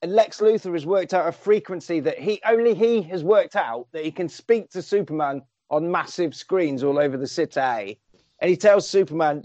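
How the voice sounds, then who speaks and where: A man's voice: fairly high pitch, normal speed, darkish tone, no room sound, highs cut off. A man recapping a film in a casual, exasperated, sarcastic way.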